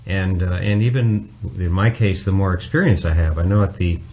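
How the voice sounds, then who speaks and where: A man hosts a podcast, thinking aloud in an easygoing, reflective way with frequent pauses. His voice sits very low. The sound is muffled and lo-fi. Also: a little mellow. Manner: easygoing, reflective, hesitant with many fillers. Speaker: podcast host. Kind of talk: casual podcast conversation.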